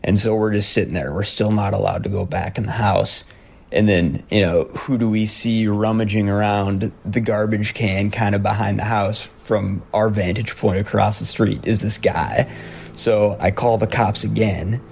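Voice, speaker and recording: A young man telling a personal story in a halting way, with nervous laughs. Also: on the low side, fairly even intonation, gravelly, slightly rough.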